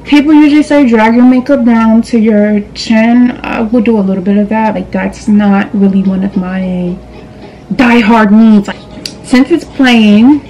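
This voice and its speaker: Young female beauty vlogger, sassy and direct, warm mellow tone, faint room hiss. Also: on the high side, measured pace, poor audio. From New York. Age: young adult. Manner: sassy, direct, calls viewers girl and boo. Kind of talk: casual makeup tutorial chat. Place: indoors at a vanity.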